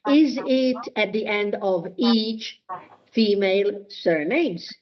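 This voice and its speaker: Slow, patient woman teaching a class. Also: medium pitch, animated, dull audio. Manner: unhurried, patient explaining with frequent fillers. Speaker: language teacher. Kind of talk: classroom lesson.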